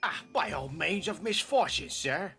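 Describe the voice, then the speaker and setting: A man voicing a stately Victorian British gentleman in a fan dub of a game, with a put-on British accent that drifts as he goes. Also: high-pitched, animated, vocal fry, soft background music, pitched above the performer's own voice, full character voice. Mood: grim. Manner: measured, formal, theatrical.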